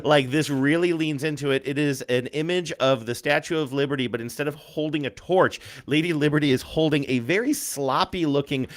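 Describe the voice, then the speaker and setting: A man's voice: on the high side, fairly quick, hardly any pauses. Wry male co-host, laughing often. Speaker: podcast co-host. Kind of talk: casual chat.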